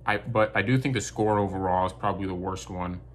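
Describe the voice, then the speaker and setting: A man talks through a film review in a relaxed, conversational way. His voice sits a little low, and he gives his opinions bluntly and candidly. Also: fairly quick, a little hiss or hum. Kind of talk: casual spoken review.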